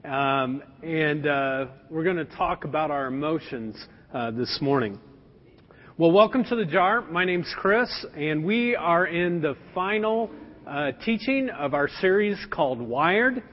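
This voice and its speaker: Animated man preaching in a reverberant hall. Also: sits high. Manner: animated, joking with the congregation. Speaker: pastor. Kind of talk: sermon. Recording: dull sound with long hall reverb.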